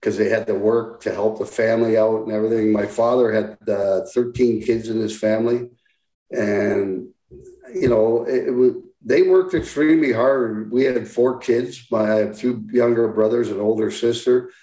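A man in his sixties, a guest on an interview, talking in a plain-spoken, halting, reflective way. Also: on the low side, fairly even intonation, mellow, roomy sound, low-quality recording. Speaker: interview guest, former hockey player. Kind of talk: casual interview talk.

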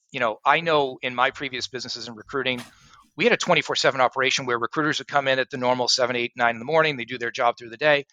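A middle-aged man, a sales and recruiting coach, chatting as a podcast guest and acting out his phone pitches in animated stories. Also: no echo, low-quality recording. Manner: animated storyteller who acts out phone pitches. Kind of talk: casual podcast interview.

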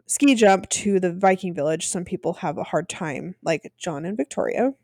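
A woman co-hosting a podcast, retelling a TV episode in casual chat with lively acted-out quotes. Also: fairly low pitch, moderate pace, no room sound, studio quality. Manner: chatty, animated retelling with acted quotes and laughs. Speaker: podcast co-host.

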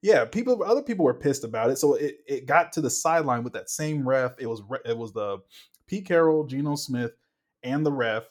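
Young male co-host, casual football chat, excitable, mid-range voice. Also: mid-range voice, a little fast. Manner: animated, gets worked up, acts out quotes. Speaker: podcast co-host.

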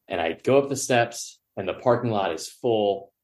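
A man's voice: lowish voice, lively intonation, normal speed, darkish tone. A man, a podcast guest telling a long story in a rambling, self-mocking, profane way. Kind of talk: storytelling in casual chat.

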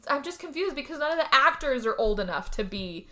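Podcast co-host, woman, lively movie recap, offhand cursing. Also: high voice, brisk. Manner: animated storytelling, slips into character voices, casual swearing. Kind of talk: casual movie recap chat.

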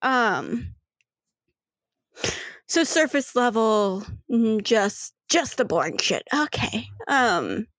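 A woman's voice: a little high, drawn-out words, no room sound, full character voice. A woman voicing a sly cutesy telepath. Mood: chatty. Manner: calm, stern, lightly giggling. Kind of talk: game master voicing a character.

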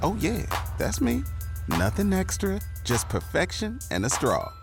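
Man voicing a cocky ad guy, gravelly, wide swooping pitch, clear music bed. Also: huge pitch swings, unhurried, full character voice. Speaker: ad voice-over. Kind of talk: upbeat radio ad read.

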